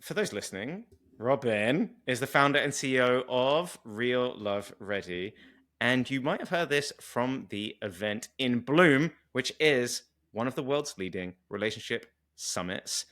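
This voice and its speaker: Bright-voiced British man hosting a podcast. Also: mid-range voice, animated, unhurried. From Britain. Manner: chatty, jokey, enthusiastic. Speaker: podcast host. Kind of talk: casual podcast interview.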